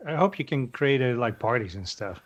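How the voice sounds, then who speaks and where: A man's voice: medium pitch, fairly quick, lo-fi sound. Man, podcast co-host, easygoing casual chat, hedges a lot. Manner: relaxed, hedging with fillers.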